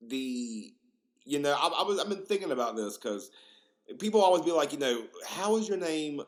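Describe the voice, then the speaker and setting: Speaking briskly at medium pitch with big pitch swings, this young podcast host spins loose, slang-heavy stories. His casual monologue is crammed with filler words and crude humor.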